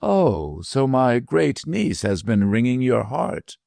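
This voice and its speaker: A man voicing a tiny, shrewd and mischievous old woman dwarf with a shrill, teasing manner in a storybook reading. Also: sing-song, slow pace, gravelly, no room sound, studio quality, exaggerated voice. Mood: sly, scolding. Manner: sharp, teasing, whimsical.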